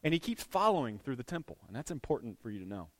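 A man preaching a sermon as a conversational, animated retelling, with restarts and light chuckles. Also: mid-range voice, fast talker, dry recording. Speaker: pastor. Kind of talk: storytelling sermon.

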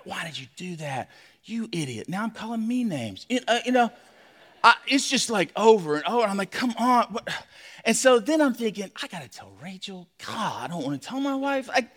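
Male pastor, high voice, animated storyteller; sermon in a reverberant hall. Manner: animated storytelling, acts out his own shouts.

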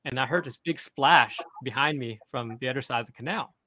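A young man hosting a podcast, telling a fishing story in an excited, rambling way with many restarts. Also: mid-range voice, brisk, no room sound, poor audio. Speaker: podcast host. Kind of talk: casual storytelling chat.

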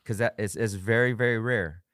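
A man's voice: on the low side, moderate pace, fairly bright tone, no echo, studio quality. A middle-aged man hosting a solo motivational podcast, talking earnestly with emphatic bursts. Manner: earnest, emphatic, acts out harsh self-talk in bursts. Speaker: podcast host; coach and parent.

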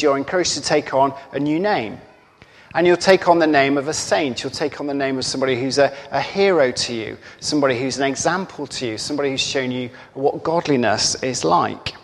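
Slow-speaking preacher in a hall. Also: male voice, mid-range voice. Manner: storytelling, slow and earnest, drops to near-whispers. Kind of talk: sermon. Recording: long hall reverb.

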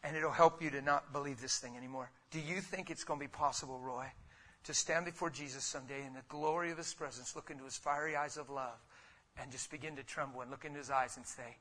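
A middle-aged man preaching a sermon, swinging from hushed asides up to emphatic, shouted peaks. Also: mid-range voice, steady tone, fast.

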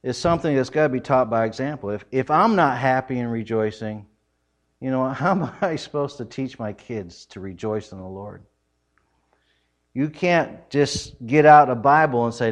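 A middle-aged man preaching a sermon, telling family stories in an animated way with frequent laughs. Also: medium pitch, moderate pace. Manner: animated, laughing often, loud acted quotes. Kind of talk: humorous storytelling sermon.

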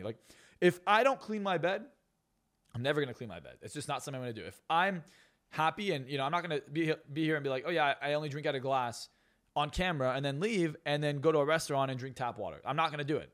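A man's voice: a little high, expressive, fast, a bit bright. A young man, a guest on a podcast interview, talking bluntly with lots of swearing and emphatic jabs. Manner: profane, brash and emphatic. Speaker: guest, hypnotist and success coach.

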